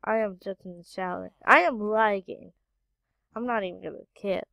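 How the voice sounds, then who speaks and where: A woman's voice: mid-range voice, moderate pace, vocal fry, fairly bright tone, no echo, lo-fi sound. A woman hosting a gaming channel, giving casual gameplay commentary and muttering to herself while she searches, with frequent exclamations.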